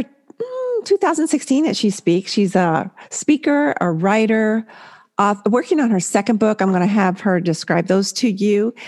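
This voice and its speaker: A middle-aged woman hosting an interview show, friendly and quick to laugh. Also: mid-range voice. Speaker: podcast host. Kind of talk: hosted interview.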